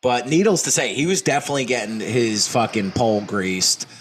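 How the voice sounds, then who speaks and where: A man's voice: mid-range voice, brisk, a little hiss or hum. A man co-hosting a comedy podcast, talking crudely and rambling, often laughing. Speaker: podcast co-host. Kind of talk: casual comedy chat.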